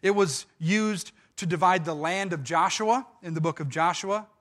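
A man preaching a sermon, walking through a scripture passage with animated storytelling and frequent restarts. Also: high-pitched, moderate pace. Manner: animated storytelling with dramatized quotes. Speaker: pastor.

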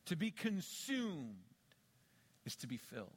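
A middle-aged male pastor preaching a sermon, swinging between quiet low asides and loud emphatic peaks. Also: sing-song, measured pace, husky.

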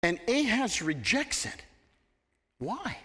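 Male preacher, slow and deliberate, lively rising and falling delivery, long hall reverb. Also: high voice, breathy edge. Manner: expressive, emphatic preaching with dramatic pauses. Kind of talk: sermon.

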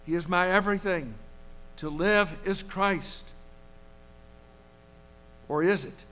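High-voiced pastor preaching slowly. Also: male voice, sharp tone. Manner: earnest, measured preaching with emphatic repetitions. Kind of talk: sermon.

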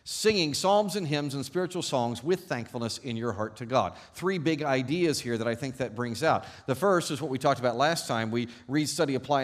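A male pastor preaching a sermon to his congregation, telling stories with animated, self-deprecating humor and playful irony. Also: medium pitch. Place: church service before a congregation.

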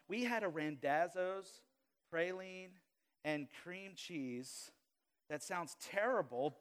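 A pastor from Louisiana preaching a live sermon in a church, his voice sitting a little higher than most men's. He moves between ringing, emphatic repetitions and hushed, intimate asides, sometimes with a wry, self-deprecating joke. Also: smooth. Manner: dynamic preaching, swings between loud emphasis and quiet asides; humorous confessional asides. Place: church sanctuary before a congregation.

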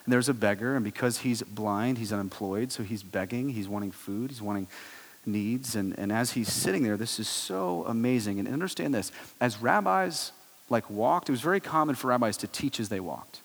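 A man preaching a sermon, telling the story with animated swings between loud exclaiming and hushed low tones. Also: moderate pace. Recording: long hall reverb.

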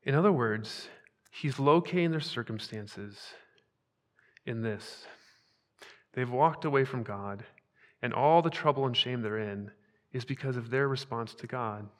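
A man's voice: mid-range voice, measured pace, pauses often. Man preaching in a reverberant hall. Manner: emphatic preaching, swings between hushed and loud. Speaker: pastor. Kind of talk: sermon.

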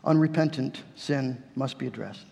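Gravelly preaching man in a reverberant hall. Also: medium pitch, moderate pace, darkish tone. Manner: earnest preaching with repeated phrases. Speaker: pastor. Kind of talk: sermon. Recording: long church reverb.

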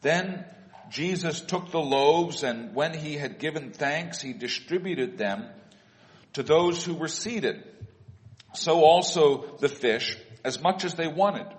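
Man reading scripture in a reverberant church. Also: on the high side. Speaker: worship leader reading scripture. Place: church sanctuary. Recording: long reverb of a large room.

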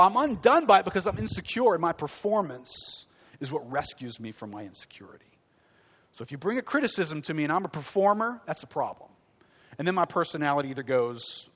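A man delivers a sermon in a loose, conversational manner, leaning on rhetorical questions and bursts of emphasis. His speaking voice sits somewhat high for a man. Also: fairly bright tone. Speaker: preacher.

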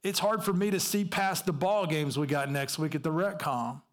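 A man's voice: a little high, normal speed. Conversational man preaching. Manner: conversational, storytelling preacher with many restarts. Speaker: pastor. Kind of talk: sermon.

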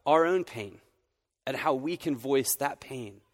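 A man's voice: medium pitch, lively intonation, unhurried. Earnest man preaching in a reverberant hall. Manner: conversational, earnest, with frequent restarts. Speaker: campus minister. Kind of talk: sermon.

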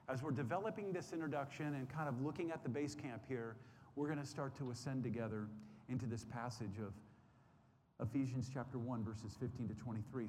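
A man's voice: medium pitch, darkish tone. A man teaching a Bible study class, earnest and repetitive, often restarting his sentences with fillers. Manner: earnest, repeats phrases, many fillers and restarts. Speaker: Sunday school teacher. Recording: roomy hall with faint background noise.

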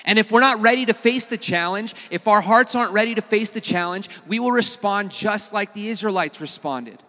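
A pastor preaching a sermon in a casual, animated way, with touches of humor. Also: male voice, sits high, a little fast, in a large hall.

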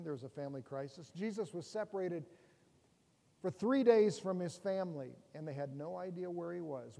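A man's voice: sits high, warm tone. A middle-aged man preaching a sermon, conversational and humorous, with rhetorical questions to the congregation. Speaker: pastor. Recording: long hall reverb.

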